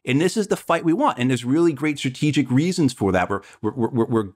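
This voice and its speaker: Earnest guy running for office, keeps restarting words, mid-pitched voice. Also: lively intonation, a little fast. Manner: earnest, repeats words while building a point. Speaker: political candidate. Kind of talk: conversational interview talk.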